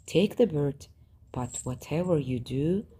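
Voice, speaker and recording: A woman voicing a gruff but helpful old grey wolf in a storybook, grumbling and instructive, over guitar music. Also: low-pitched, expressive, unhurried, mellow, a little hiss or hum. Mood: hushed.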